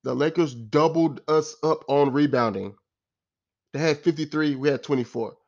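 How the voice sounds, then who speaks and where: A man's voice: on the high side, moderate pace, darkish tone, dull audio. A man giving a casual, exasperated post-game rant as a sports fan, repeating himself and using slang.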